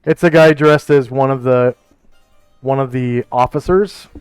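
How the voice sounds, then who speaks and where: A man running a tabletop game as game master, narrating in a relaxed way and thinking aloud with fillers. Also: medium pitch, a little slow, clear, resonant tone, soft background music.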